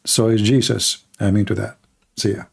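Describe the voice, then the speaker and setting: A man's voice: on the low side, flat delivery, moderate pace, gravelly, slightly rough. A man with an Arabic accent hosting a live stream, talking in a sarcastic, rambling way with many fillers. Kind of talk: mocking casual monologue.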